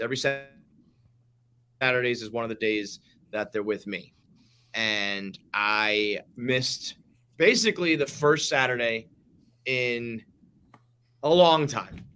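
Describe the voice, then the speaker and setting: A man's voice: medium pitch, slow, pauses often, pushed and bright, slight background noise. A middle-aged man hosting a casual sports podcast, joking animatedly and swearing a lot. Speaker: podcast host.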